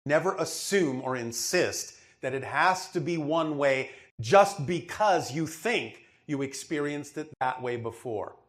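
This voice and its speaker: A man's voice: a little high, animated, measured pace, hardly any pauses. A man giving a channeled spiritual teaching to a questioner, with an emphatic, didactic delivery and frequent checks that he is understood. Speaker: spiritual speaker answering a questioner.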